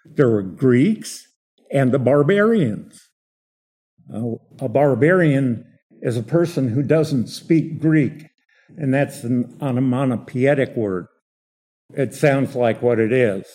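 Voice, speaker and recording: A man's voice: medium pitch, lively intonation, takes it slowly, dark tone, breathy edge. A man preaching an expository sermon, explaining a passage and asking rhetorical questions.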